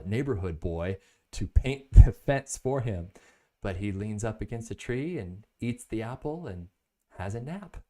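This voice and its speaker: A man's voice: fairly low pitch, mellow. A man hosting a casual live product review, enthusiastic and rambling into stories.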